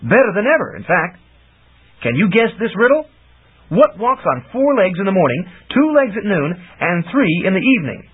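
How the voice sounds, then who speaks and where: Guy doing a big booming sphinx, high and loud, husky tinny sound. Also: big pitch swings, normal speed, full character voice. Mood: cheerful. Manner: booming, raised voice. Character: young man turned huge booming sphinx. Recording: tinny lo-fi audiobook recording.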